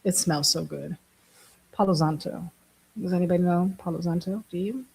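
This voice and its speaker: A woman's voice: on the low side, moderate pace, creaky, a little mellow, a little hiss or hum, low-quality recording. A woman from Germany chatting casually to camera, laughing often and making fun of herself. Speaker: vlogger, app builder.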